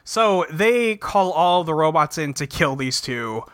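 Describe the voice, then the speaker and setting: A man's voice: a little high, animated, a little slow, a bit bright, dry recording. A man co-hosting a podcast, casually recapping a movie in a rambling way, swearing now and then. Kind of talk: casual chat.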